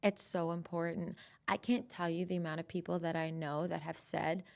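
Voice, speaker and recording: A woman hosts a conversational podcast, keeping the talk flowing with friendly affirmations. Her voice sits a little low for a woman. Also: little pitch movement, gravelly. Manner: supportive listener, quick affirmations and laughs. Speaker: podcast host.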